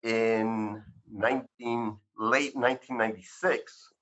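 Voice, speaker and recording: A man's voice: fairly low pitch, slow pace. A man in his fifties, a physician guest, telling his life story in an interview and acting out the conversations he recalls. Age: 50s. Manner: animated storyteller who acts out dialogue. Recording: dull lo-fi sound.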